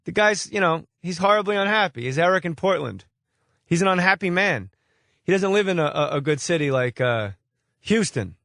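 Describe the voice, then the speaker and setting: Sarcastic radio host with a bright voice. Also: male voice, high-pitched, animated, moderate pace, no room sound, studio quality. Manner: sarcastic, combative comebacks. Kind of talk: sports talk radio banter.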